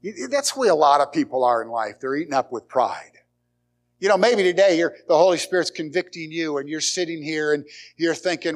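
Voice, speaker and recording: Animated preacher man, higher voice. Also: normal speed. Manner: dynamic delivery, swinging from loud emphasis to near whispers; repeats words and restarts phrases. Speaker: pastor. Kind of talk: sermon.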